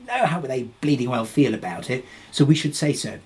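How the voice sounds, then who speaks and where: A man's voice: mid-range voice, quick pace, hardly any pauses, darkish tone, husky. A man presenting a webinar, answering audience questions in a hesitant way, with many restarts. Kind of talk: live webinar Q&A.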